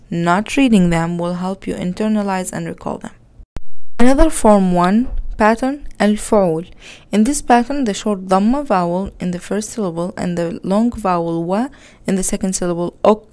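A woman teaching an Arabic grammar lesson. She explains in English, reads Arabic example words aloud and often corrects herself with a quick "sorry.". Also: medium pitch, a little mellow. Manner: self-correcting, with frequent "uh, sorry" slips.

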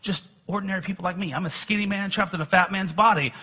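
A man's voice: high voice, fairly even intonation, fast talker, sharp tone, slight background noise. A middle-aged man preaching a sermon, telling personal stories in a conversational way with self-deprecating humor.

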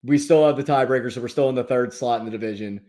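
A man's voice: medium pitch, quick pace, mellow. A man, a regular on a sports talk show, talking hockey in a glum, blunt way and swearing casually.

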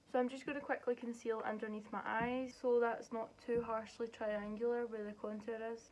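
A woman's voice: a little high, darkish tone, slight background noise, poor audio. Chatty young woman doing makeup. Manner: chatty, explains each step as she works. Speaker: beauty vlogger. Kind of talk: makeup tutorial narration.

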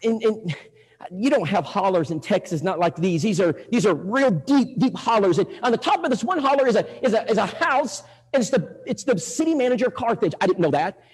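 A male preacher telling stories in a sermon, animated, moving between loud and hushed. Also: high voice, brisk, husky. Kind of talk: storytelling sermon. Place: church hall. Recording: echoey hall.

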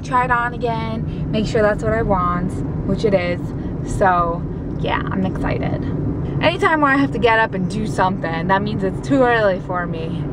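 A woman talking casually to the camera, chatty and bubbly, poking fun at herself. Her pitch sits in a middle range. A layer of background noise sits under her voice. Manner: chatty, bubbly and self-deprecating. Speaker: vlogger. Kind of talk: casual vlog chat.

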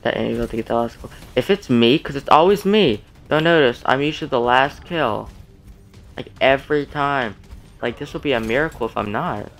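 Gravelly young man narrating gameplay. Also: medium pitch, moderate pace. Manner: excitable, self-deprecating, rambling. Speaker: gaming streamer. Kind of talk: casual gameplay commentary.

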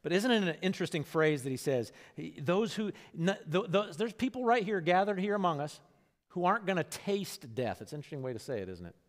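Preaching pastor in a reverberant church. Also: male voice, high voice, fairly quick. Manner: conversational preaching, swings between hushed and animated. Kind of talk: sermon. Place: church sanctuary. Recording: long hall reverb.

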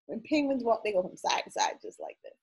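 A woman's voice: medium pitch, huge pitch swings, quick pace, darkish tone, husky. A woman teacher reading a picture book aloud to young children, playful and sing-song, drawing out the sound words and asking them questions.

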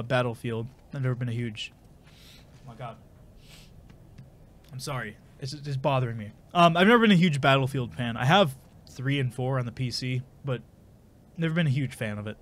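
This let's play commentary comes from a man with a congested, somewhat bright medium-pitched voice. Fairly quick and expressive, he rambles casually and mocks himself while playing.

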